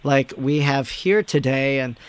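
A man's voice: medium pitch, unhurried, clean tone, dry recording. A man, a priest, hosting an interview, reflecting thoughtfully and asking questions. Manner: reflective, thoughtful with some restarts. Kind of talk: interview conversation.

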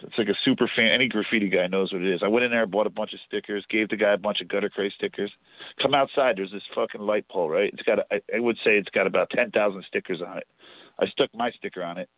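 Man from new jersey, low voice, fast profane storytelling, phone-like dry sound. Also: dry recording. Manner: profane, rambling anecdotes. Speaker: podcast guest, show promoter. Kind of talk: casual storytelling.

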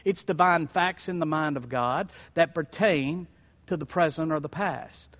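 A man's voice: on the high side, measured pace, fairly bright tone, in a large hall. A male pastor preaching a sermon, building emphasis through repeated phrases. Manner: preaching with rising emphatic repetition.

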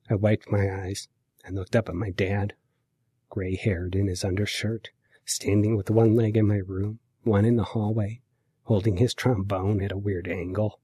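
A man hosting his own podcast, telling a personal memoir story in a quiet, measured, emotional way. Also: on the low side, little pitch movement, husky, no echo, studio quality.

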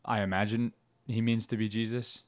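A man's voice: on the low side, level tone, moderate pace. A man in casual conversation, reflecting on faith and paraphrasing passages from a book. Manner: reflective, reads quotes aloud.

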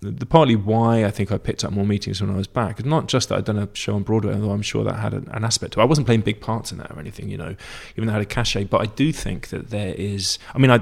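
A British man with a British English accent talks fast in a casual interview, his low voice carrying a gravelly rasp. He rambles through his stories, often stopping to correct himself mid-thought. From Britain. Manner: rambling, self-correcting storyteller. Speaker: actor guest.

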